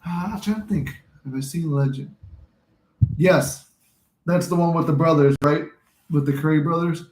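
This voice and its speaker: A man's voice: a little high, normal speed, darkish tone, roomy sound. A man hosting a casual live chat who jokes, laughs often and acts out movie scenes. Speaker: podcast host.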